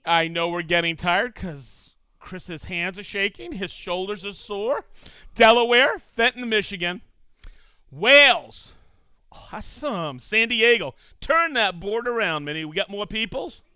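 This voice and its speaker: A man's voice: sits high, lively intonation, measured pace, bright, forceful tone, clean tone, dry recording. A man hosting a live stream, reading out viewers' hometowns with upbeat enthusiasm and frequent laughs. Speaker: livestream host.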